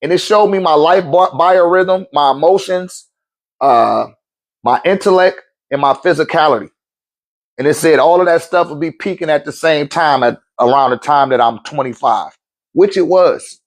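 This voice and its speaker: A man's voice: on the high side, moderate pace. A middle-aged man in a laid-back, slangy storytelling monologue, chuckling often. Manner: laid-back slang, frequent chuckles, acts out quoted voices. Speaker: spiritual talk show host.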